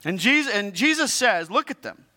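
A man's voice: high-pitched, big pitch swings, moderate pace, pushed and bright. A male pastor preaching a sermon in a conversational way, with joking asides and frequent restarts. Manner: conversational preaching with asides and self-deprecating humor; frequent restarts and repeated words.

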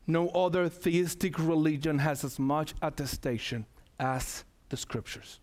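Preacher, man, high-pitched, emphatic sermon delivery, repeats lines for emphasis. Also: measured pace, darkish tone. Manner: emphatic, calls to the congregation, repeats phrases.

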